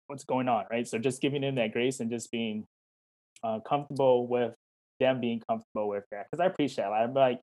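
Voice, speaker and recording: A man's voice: mid-range voice, a little fast. A man, a certified life coach, answering interview questions in an encouraging, casual way over a video call, often acting out little quoted exchanges. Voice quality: warm, encouraging, talks in questions and quoted dialogue.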